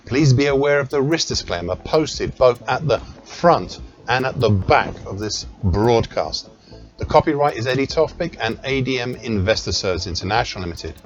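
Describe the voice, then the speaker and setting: A man reading scripted market commentary as an analyst, measured and precise, with small self-corrections. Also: mid-range voice, animated. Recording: dull lo-fi recording with faint music.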